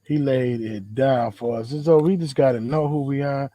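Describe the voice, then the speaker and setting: A man's voice: mid-range voice, fairly even intonation, normal speed, warm tone, no echo. A man hosting a podcast, giving a loose, conversational faith talk outdoors in a backyard, full of slang and repeated phrases. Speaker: podcast host.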